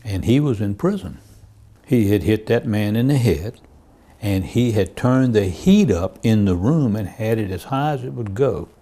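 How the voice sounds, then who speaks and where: Lower-voiced man recounting police cases. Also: warm tone. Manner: plain storytelling, acts out quoted dialogue. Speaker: police officer. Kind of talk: true-crime interview recounting cases.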